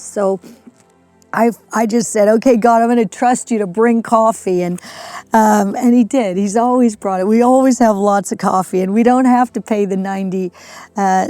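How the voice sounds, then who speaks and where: Earnest woman preaching, mellow voice. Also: medium pitch, dry recording. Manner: earnest, halting with restarts, softening to a hush. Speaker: missionary preacher. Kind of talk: sermon storytelling.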